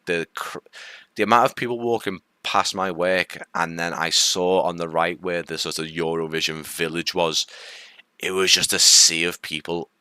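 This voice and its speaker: Deep-voiced chatty man, light Liverpool accent. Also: bright, forceful tone, clean tone, no room sound, clean studio sound. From Liverpool, England. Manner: rambling and chatty, with many fillers and restarts; friendly, greets viewers and answers comments. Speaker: live-stream host. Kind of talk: casual live-stream chat with viewers.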